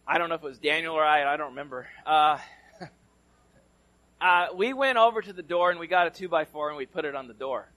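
Bright-voiced storytelling male pastor. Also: on the high side, brisk. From California. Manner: conversational storyteller, swinging from loud to hushed. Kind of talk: sermon with personal story.

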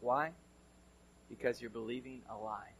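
A male pastor from California preaching a sermon, telling a story conversationally and swinging between loud and hushed delivery. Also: mid-range voice, steady tone, unhurried, a little hiss or hum.

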